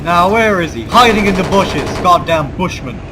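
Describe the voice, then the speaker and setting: A man's voice: high-pitched, lively intonation, normal speed. A man from the Balkans in a forced American accent, commenting on gameplay with mock-grandiose war speeches and wry asides. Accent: forced American over a Balkan one. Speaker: let's play gamer. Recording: loud game sounds under the voice. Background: game ambience and vehicle noise.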